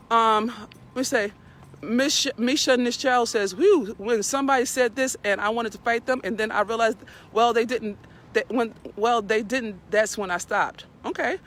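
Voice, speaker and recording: A woman's voice: on the high side, fairly bright tone. Blunt, profane woman preaching outdoors. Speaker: live video host. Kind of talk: casual live-stream talk. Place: outdoors in an urban area, walking a dog.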